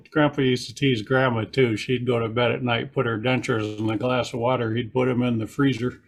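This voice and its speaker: A man's voice: mid-range voice, level tone, moderate pace, husky. An older man doing a dry, self-deprecating stand-up set over a video call. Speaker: stand-up comedian.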